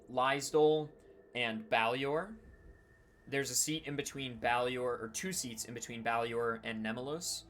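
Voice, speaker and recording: A man narrating as dungeon master in a casual, halting way, with many fillers. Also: mid-range voice, gravelly, fairly bright tone. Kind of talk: narrating a tabletop game.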